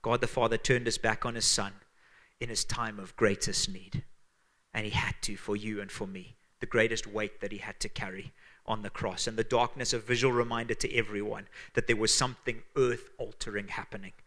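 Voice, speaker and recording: A man with a Zimbabwean accent preaching a sermon as pastor, earnest and emphatic, dropping to hushed tones for weight. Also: fairly low pitch, fairly even intonation, brisk.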